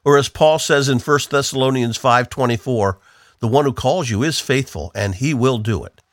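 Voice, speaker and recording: A man's voice: medium pitch, normal speed, no room sound, studio quality. A man from the northeastern United States giving an earnest, emphatic devotional Bible teaching on the radio.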